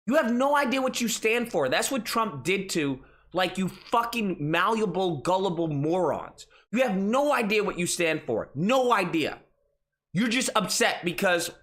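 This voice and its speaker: Male commentary host, lively pitch, exasperated and profane, mocking tone. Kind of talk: casual ranting commentary.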